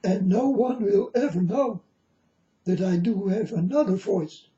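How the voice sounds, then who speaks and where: A man putting on a high, singsong voice that he says sounds like an eighty-year-old man. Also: a little slow, mellow. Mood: boastful. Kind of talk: showing off a put-on voice. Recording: dull lo-fi recording.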